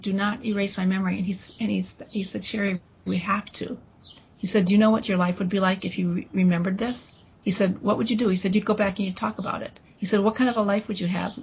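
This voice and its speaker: Woman telling her story in an interview, gravelly voice, pretty flat, keeps restarting and quoting what was said, bit of hiss behind. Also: mid-range voice. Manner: halting, with restarts and quoted dialogue. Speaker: guest recounting an experience.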